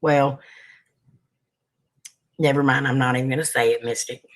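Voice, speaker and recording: A man's voice: medium pitch, fairly even intonation, normal speed, fairly bright tone. A man hosting a casual livestream. He chats with viewers, greets them by name and sniffles now and then. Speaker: livestream host.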